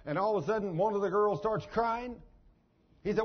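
A man's voice: high-pitched, fairly quick, lo-fi sound. A man preaching a sermon in a folksy, emphatic storytelling manner.

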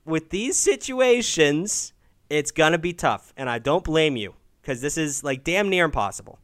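A man's voice: fairly high pitch, animated, normal speed, fairly bright tone, no room sound, studio quality. A man hosting a call-in advice show, talking casually and bluntly, encouraging callers and swearing freely. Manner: encouraging, emphatic, cusses freely.

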